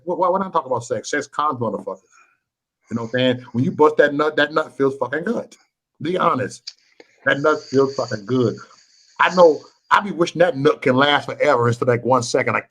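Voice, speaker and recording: A man's voice: mid-range voice, fairly quick, rough recording. A man hosting a late-night livestream, talking crude, boastful and petty, and repeating his phrases. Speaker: livestream host.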